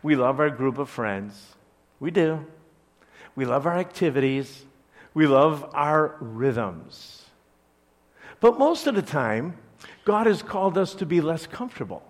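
A man from Chicago, a pastor, preaching a conversational sermon to his church with joking asides. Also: a little high. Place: church service.

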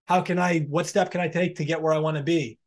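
A man's voice: a little high, steady tone, fast talker. A man hosting a podcast, reflecting in a loose conversational way on a guest's story. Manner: reflective, loose filler-heavy phrasing. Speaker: podcast host. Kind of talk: casual interview reflection.

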